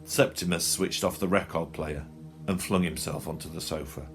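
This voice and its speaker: A man reading a short story aloud in a dry, expressive storytelling manner. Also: rumbling low, moderate pace, creaky, over music. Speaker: narrator. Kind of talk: audiobook reading.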